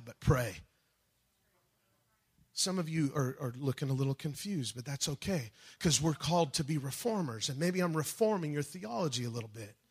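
Bright-voiced, impassioned male preacher. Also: a little high, husky. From United States. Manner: impassioned preaching with sudden loud peaks and soft drops; acts out quoted voices. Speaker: pastor. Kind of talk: sermon.

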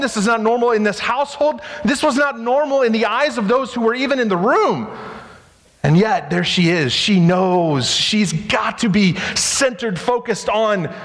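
A male pastor preaching a sermon in an animated, rhetorical way, repeating phrases for emphasis. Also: high voice. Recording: long hall reverb.

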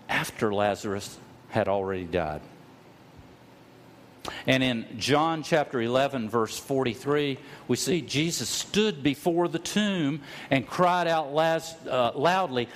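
A middle-aged man delivers a sermon in a storytelling way, and his voice moves through a wide pitch range. He drops low and slow on the words he wants to stress, then climbs to loud cries. A faint room hum sits under his voice. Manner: storytelling preacher, slows for emphasis, rises to loud cries. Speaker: pastor.

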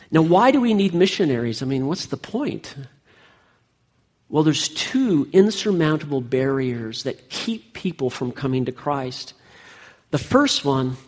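Husky-voiced preaching pastor. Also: male voice, mid-range voice, a little mellow. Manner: emphatic, rising and falling preaching delivery. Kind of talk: sermon.

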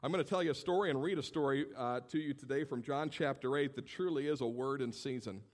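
A male pastor preaching a sermon, telling stories in an animated way and acting out the people in them. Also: medium pitch, fast. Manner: animated storytelling, acts out the people in his stories.

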